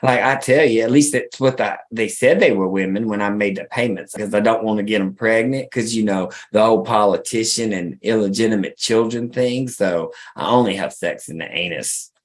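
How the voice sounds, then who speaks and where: Low-voiced man joking crudely on a podcast. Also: a little fast, hardly any pauses. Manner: crude joking, drawling asides. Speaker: podcast co-host. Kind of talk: comedic rambling chat.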